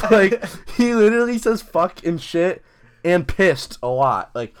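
This is a young man in his twenties, co-hosting a laid-back podcast with a friend. He swears freely and laughs often, and he gets lively whenever he retells a story. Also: high-pitched, measured pace, clear, resonant tone. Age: 20s. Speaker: podcast co-host. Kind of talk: casual chat.

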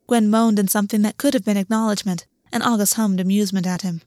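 A woman's voice: medium pitch, fairly even intonation, quick pace, a little mellow, no room sound. Woman reading a story, dry sound. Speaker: audiobook narrator. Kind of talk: scripted story narration.

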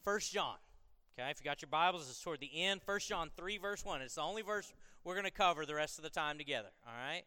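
A man's voice: a little high, expressive, quick pace, pushed and bright, clean tone, no room sound, studio quality, in a large hall. A man preaching a conversational sermon to a congregation, moving from casual asides to emphatic, repeated lines. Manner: conversational, building to emphatic repetition. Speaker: pastor.

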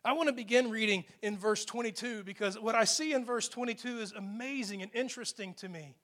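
Male pastor with a high voice, preaching in a church; conversational and emphatic, with asides to the listeners. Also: brisk, a bit bright. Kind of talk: sermon. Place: church sanctuary.

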